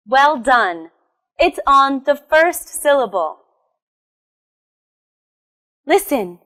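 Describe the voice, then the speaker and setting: An American woman teaching English pronunciation, enunciating words slowly and carefully and encouraging learners with questions. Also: sits high, a bit bright. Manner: slow, careful enunciation with repetition. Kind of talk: pronunciation lesson.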